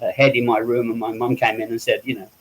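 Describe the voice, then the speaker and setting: Heard on poor audio, this interview guest is a makeup effects artist, a middle-aged man from England. He talks fast in a level, mid-range voice, sharing stories, doing voices for the people he quotes, and chuckling at his own expense.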